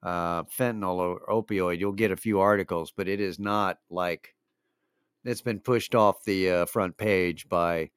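A podcast host with a low, clean voice speaks a little slowly with fairly even intonation. Alone on his show, he tells wry, profane, rambling stories casually, full of fillers, in a dry, studio-quality recording.

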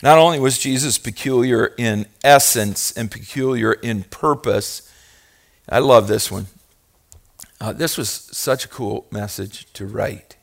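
A man preaching a sermon as pastor, moving from quiet asides to loud, fervent passages and asking the congregation questions. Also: medium pitch, unhurried, gravelly. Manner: talks directly to the congregation with questions.

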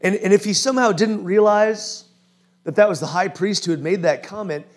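Male pastor, informal sermon, raised pitch, breathy edge, keeps asking "we good?"-style checks. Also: moderate pace. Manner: informal, often checks in with the listeners. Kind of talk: conversational sermon.

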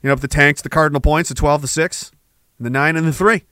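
A middle-aged man hosting a podcast, ranting with heavy profanity and jumping between war stories and shouted quotes. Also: a little high, fairly even intonation, quick pace, clean tone, dry recording. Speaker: podcast host. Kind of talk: ranting monologue.

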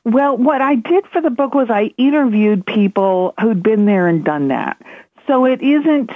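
A woman's voice: on the high side, animated, unhurried, dry recording. Brief: woman author chatting by phone, casual fillers, tinny lo-fi line. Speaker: author guest. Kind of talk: interview conversation.

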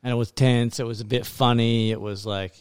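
A man's voice: medium pitch, level tone, a little fast, smooth. A man, chatting casually as a podcast co-host, rambling and swearing, with lots of fillers. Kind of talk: casual chat.

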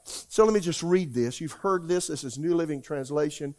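A man's voice: on the high side, moderate pace, darkish tone. Folksy preacher man, older. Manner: folksy, emphatic preaching with questions to the congregation. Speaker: pastor. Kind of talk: sermon.

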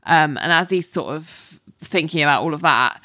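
A woman's voice: sits low, moderate pace, sharp tone, no echo. A woman co-hosting a podcast, recapping a TV episode in a chatty, storytelling way with lots of "um" and "like". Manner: chatty storytelling, laughing often, many "um" and "like". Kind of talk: casual chat, episode recap.

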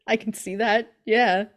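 A woman's voice: fairly high pitch, steady tone, slow pace. Giggly young woman chatting. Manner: giggly, hesitant, laughs between words. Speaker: book podcast co-host. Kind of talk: casual chat.

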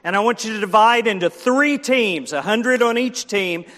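A man's voice: sits high, expressive, normal speed, fairly bright tone. A man preaching a children's sermon, telling a story with animation, acting out the characters and asking the listeners questions. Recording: long hall reverb.

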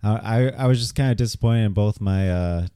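A man co-hosting a casual movie review podcast, relaxed and sprinkling in fillers. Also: fairly low pitch, a little fast, clear, resonant tone, no room sound, studio quality. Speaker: podcast co-host.

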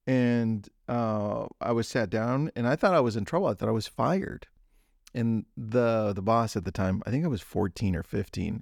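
A man's voice: lowish voice, creaky, darkish tone, no echo, clean studio sound. A man hosting a solo podcast, telling a story in an upbeat way with frequent restarts. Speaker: podcast host.

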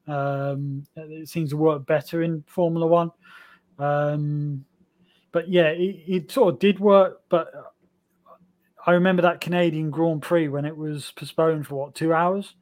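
A man's voice: fairly high pitch, fairly even intonation, measured pace, a little mellow. A man chatting as a podcast guest, enthusiastic and rambling, with plenty of fillers. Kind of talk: casual chat.

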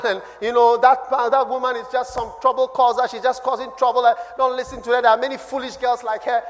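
A man with a Ghanaian accent preaching a sermon as a pastor, his voice dropping low and then swelling loud. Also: little pitch movement, fairly quick, hardly any pauses. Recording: long hall reverb.

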